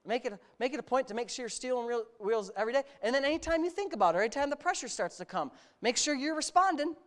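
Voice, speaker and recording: A middle-aged pastor whose voice is notably high preaches at a quick pace with plenty of animation. He moves back and forth between sarcastic comments and rising, near-shouted exhortations.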